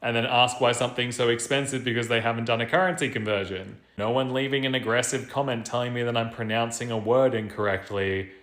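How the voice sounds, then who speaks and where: A man's voice: mid-range voice, fairly even intonation, fast talker, few pauses, fairly bright tone, reverberant. A man with an Australian accent giving wry, matter-of-fact commentary. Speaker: content creator. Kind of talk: casual vlog commentary.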